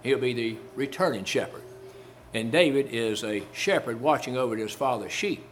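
A man with a mid-range voice preaches a Baptist sermon at a moderate pace, with a little hiss or hum in the recording. He repeats phrases for emphasis, quotes King James scripture, and asks his listeners rhetorical questions.

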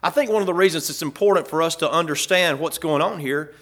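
Bright-voiced preacher. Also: male voice, fairly high pitch, fast. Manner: folksy, rises and swells when reading scripture aloud. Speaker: pastor. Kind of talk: sermon.

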